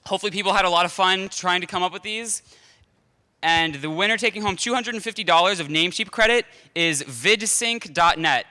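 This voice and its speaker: A man emceeing an awards segment, brisk and businesslike. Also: high-pitched, bright, forceful tone, clean tone, in a large hall. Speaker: event organizer and emcee.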